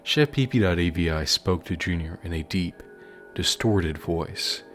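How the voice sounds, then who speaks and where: A man reading out a fan horror story in a mock-dramatic, deadpan way. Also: sits low, unhurried, soft background music. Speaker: narrator.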